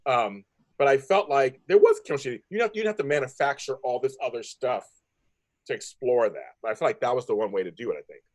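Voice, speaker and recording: A man chatting excitedly and gushing as a panelist on a soap opera recap show. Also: medium pitch, no echo. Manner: excitable, gushing, rapid talk. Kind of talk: casual chat.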